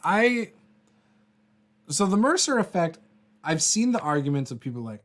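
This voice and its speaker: A man's voice: fairly high pitch, big pitch swings, moderate pace, long pauses. A man hosting a casual tabletop RPG livestream, rambling and laughing often, with many fillers and restarts as he answers viewer comments.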